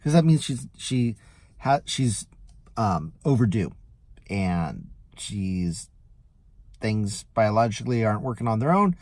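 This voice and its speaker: A man, a rideshare driver, telling a story in a casual vlog in a chatty, animated way. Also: fairly low pitch, measured pace, dry recording. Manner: chatty, animated retelling with lively quoted voices.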